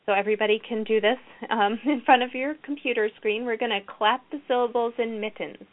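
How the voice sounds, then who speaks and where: A woman's voice: on the high side, steady tone, brisk. Woman lecturing over tinny lo-fi audio. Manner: explanatory, models classroom activities aloud. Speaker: educator presenting a reading program. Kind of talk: recorded lecture with slides.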